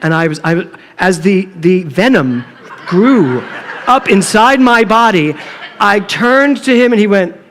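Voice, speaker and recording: A middle-aged man preaching a sermon, telling a humorous story and acting out the dialogue in a playful, animated way. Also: high-pitched, unhurried, slight background noise. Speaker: minister. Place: church sanctuary. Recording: long reverb of a hall.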